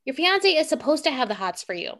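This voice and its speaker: Young woman co-host, emphatic and playful advice-giver, light higher voice. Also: very animated, fast talker, a bit bright. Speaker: podcast co-host. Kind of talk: casual chat.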